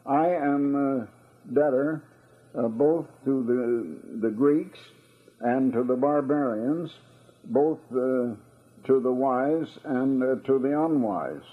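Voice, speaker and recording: Man, preacher, slow deliberate sermon, husky voice, tinny radio broadcast. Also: medium pitch. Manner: slow, deliberate reading and explaining of scripture with frequent "uh". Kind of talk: Bible-study sermon.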